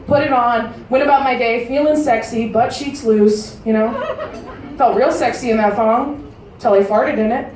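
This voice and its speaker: A woman in her thirties doing a crude stand-up comedy set, delivering brash, deadpan punchlines to a live audience in a large casino showroom. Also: a little high, far from the mic, background noise. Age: 30s. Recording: roomy live-venue recording from afar.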